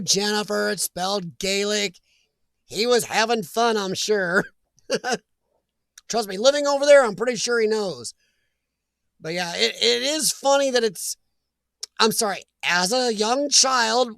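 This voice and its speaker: A man's voice: high voice, gravelly, fairly bright tone, no room sound, studio quality. An American man hosting a casual live stream chat, rambling and reading viewer comments aloud.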